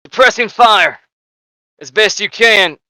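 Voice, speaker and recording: A man's voice: high voice, animated, takes it slowly, pushed and bright, no room sound, voice pushed up, heavily acted, low-quality recording. A man voicing a weary male sergeant giving firing orders. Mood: commanding. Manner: grumbling, commanding.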